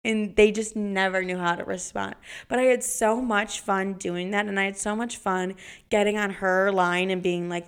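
A woman's voice: mid-range voice, moderate pace, clean tone. Foul-mouthed young woman telling stories. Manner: swears freely, lots of "like"; animated, jumps into acted-out voices. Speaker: podcast host. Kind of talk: casual storytelling.

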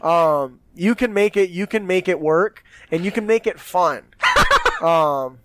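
Fields. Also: male voice, sits high, slow pace, fairly bright tone, a little hiss or hum. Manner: laid-back, joking, with fillers. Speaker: podcast host. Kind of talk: casual chat.

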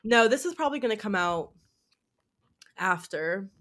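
A young woman in her twenties hosting a podcast, chatting casually with lively, rambling talk and free swearing. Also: mid-range voice, moderate pace. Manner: animated, rambling, swears freely. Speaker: podcast host. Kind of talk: casual chat.

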